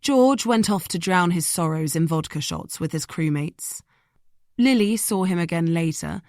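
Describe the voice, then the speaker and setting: A woman reading an audiobook in scripted narration, steady and measured, in a dry booth. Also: lowish voice, no room sound.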